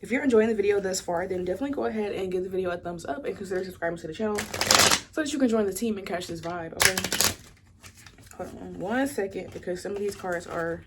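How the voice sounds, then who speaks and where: A woman's voice: mid-range voice, fast talker, very noisy. Chatty young woman reading tarot. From Southern United States. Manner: chatty, rambling, full of "like" and "you know". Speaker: tarot reader. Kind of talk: casual pick-a-card tarot reading.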